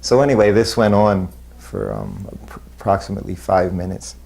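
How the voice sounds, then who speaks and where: A man with a fairly low voice looks back on his years as a disciple. He talks in a halting, self-deprecating way, pausing and restarting often. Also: creaky, a little mellow. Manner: halting, self-deprecating, chuckles between memories. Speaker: former disciple recalling memories. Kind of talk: reminiscing interview.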